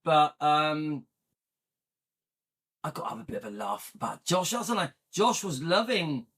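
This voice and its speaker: A man talks casually to his viewers, rambling from point to point with lots of ums and uhs. His voice sits high and bright, and he speaks at an unhurried pace. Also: very animated, husky. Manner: rambling, chatty with frequent fillers. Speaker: channel host. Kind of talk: casual chat to camera.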